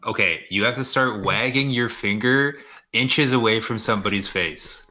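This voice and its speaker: A man's voice: fairly low pitch, moderate pace, bright, forceful tone. A man in casual chat, giving joking instructions with mock seriousness.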